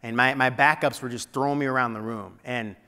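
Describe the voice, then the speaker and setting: A man giving a keynote speech, telling a personal story dramatically and dropping to a hush at painful moments. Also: medium pitch, fairly even intonation, a little fast, clean tone. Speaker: keynote speaker. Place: large event hall before an audience. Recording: long hall reverb.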